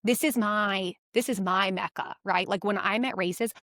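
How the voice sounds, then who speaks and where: Woman, podcast co-host, lively chatter, self-mocking, dry close mic. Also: mid-range voice, no echo. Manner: animated, quick anecdotes with playful self-mockery. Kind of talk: casual chat.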